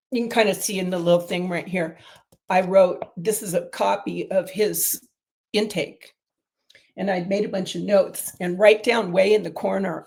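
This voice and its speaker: A middle-aged woman with a lowish, gravelly, mellow voice appears as an interview guest. She developed a diet protocol and rambles through long stories in casual talk, full of fillers and restarts.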